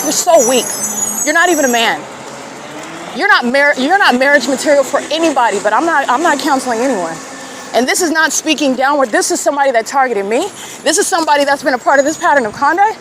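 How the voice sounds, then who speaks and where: A woman's voice: high voice, animated, fast. A woman podcaster delivering a scornful, accusatory monologue outdoors in an urban square. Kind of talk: confrontational monologue. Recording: clear traffic noise outdoors.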